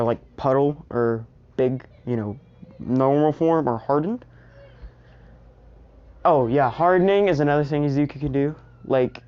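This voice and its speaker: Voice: medium pitch, a little mellow. Young improvised storyteller, tangent-prone and chatty, on a muffled recording. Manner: rambling, full of "you know" and tangents. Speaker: fan fiction storyteller. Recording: dull lo-fi recording.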